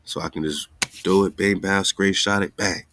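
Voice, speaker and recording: Deep-voiced man hosting casual live talk. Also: steady tone, normal speed, a bit bright, slight background noise. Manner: loose, exasperated, talks straight to listeners. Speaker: online radio show host.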